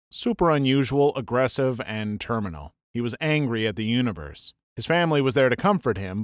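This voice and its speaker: A man narrating a string of short stories in a steady, even reading voice. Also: medium pitch, dry recording, studio quality. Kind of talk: scripted story narration.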